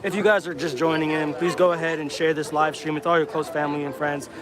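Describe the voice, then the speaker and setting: A man's voice: a little high, fairly even intonation, fast talker. A man livestreaming from a street protest on a handheld phone, chatting directly to his viewers. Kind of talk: casual livestream narration. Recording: noisy street protest with crowd.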